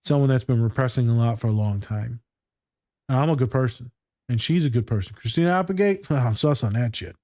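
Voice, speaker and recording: A man's voice: mid-range voice, fairly quick, warm tone, no room sound, clean studio sound. A man chatting casually as a podcast co-host and school therapist, telling stories in slangy, profane talk. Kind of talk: casual chat reacting to a TV scene.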